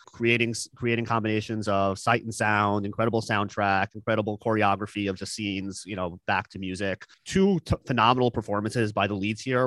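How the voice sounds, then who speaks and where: Low-voiced man, halting and earnest. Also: fairly bright tone, no room sound. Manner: halting, lots of fillers and restarts, earnest. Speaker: podcast co-host recommending movies. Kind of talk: casual chat.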